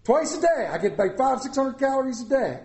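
High-voiced preacher in an echoey room. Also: male voice, very animated, fast. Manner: candid, humorous, swings from loud to quiet. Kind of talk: conversational sermon.

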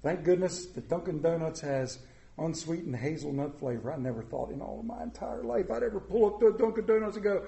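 A man preaching a candid, humorous sermon, swinging from loud jokes to quiet confession. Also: a little high, animated, fairly quick, creaky, roomy sound. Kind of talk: conversational sermon.

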